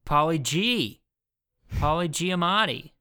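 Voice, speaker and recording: A man's voice: fairly high pitch, expressive, slow, pushed and bright, clear, resonant tone. A man co-hosting a casual podcast chat, laughing often and playfully prodding his co-host.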